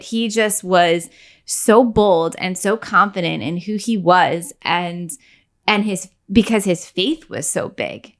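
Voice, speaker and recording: A woman's voice: mid-range voice, fairly bright tone. Earnest woman in casual faith talk. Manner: earnest, with frequent "like" and "you know". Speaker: podcast co-host.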